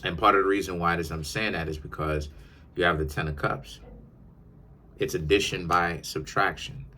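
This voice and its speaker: A man's voice: low voice, fairly even intonation, normal speed, sharp tone, a little hiss or hum. A man giving a tarot reading in an emphatic, lecturing monologue, often repeating his words. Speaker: tarot reader.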